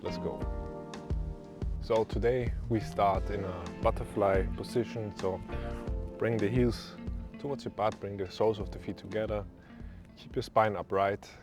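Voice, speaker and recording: A young man with a German accent leading a guided stretching class in a calm, easygoing way with small joking asides. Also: on the low side, a little slow, music in the background. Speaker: yoga instructor.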